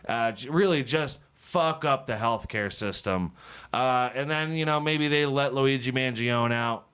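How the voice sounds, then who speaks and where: A man's voice: medium pitch, fairly bright tone, smooth. A man hosting a comedy podcast, joking in a profane, mocking way and laughing often. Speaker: podcast host. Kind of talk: casual comedic podcast banter.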